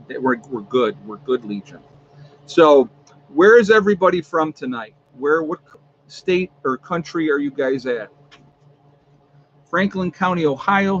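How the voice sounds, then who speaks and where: A man's voice: fairly high pitch, dull audio, a little hiss or hum. A man hosting a casual livestream from home, chatting with his viewers and filling his talk with ums and uhs. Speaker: livestream host.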